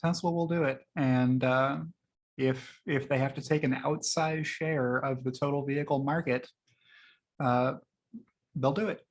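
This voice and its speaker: A man's voice: medium pitch, fairly even intonation, a little slow. A man casually talking through the tweets he liked that week, chatty and rambling, with frequent fillers. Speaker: host reviewing liked tweets. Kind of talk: casual screen-share commentary.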